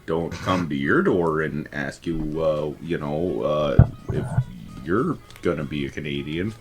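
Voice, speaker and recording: A man's voice: extremely low pitch, unhurried, soft background music. A man playing a tabletop role-playing game, joking around with snarky asides. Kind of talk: casual tabletop game chat.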